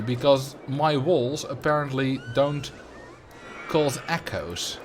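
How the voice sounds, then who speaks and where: A Dutch streamer from the Netherlands chats casually on a livestream, building in a game and answering viewers' questions. His medium-pitched voice has lively intonation and a slightly slow pace, against a noisy background.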